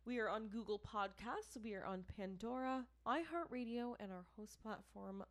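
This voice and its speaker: A young woman with a somewhat high voice chats casually as a podcast co-host. She is playful and giggly and laughs often as she talks. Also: moderate pace. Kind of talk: casual chat.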